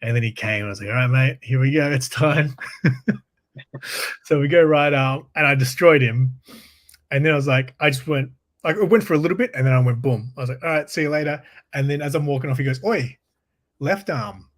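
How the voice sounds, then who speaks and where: A man's voice: mid-range voice, fast. A man with an Australian accent, chatting casually and telling stories, often laughing as he talks. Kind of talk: casual chat, storytelling.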